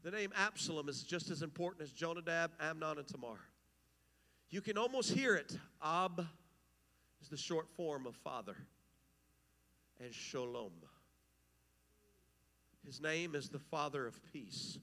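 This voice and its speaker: High, bright-voiced impassioned preacher. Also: male voice, lively intonation, measured pace, long pauses, big-room sound. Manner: impassioned, emphatic, rising and falling. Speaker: pastor. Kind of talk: sermon.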